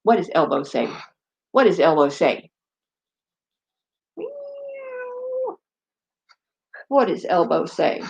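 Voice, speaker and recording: A woman's voice: low-pitched, lively intonation, moderate pace, creaky, darkish tone, dull audio. A woman vlogger chatting casually and rambling, often turning to talk to her dogs. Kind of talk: casual chat.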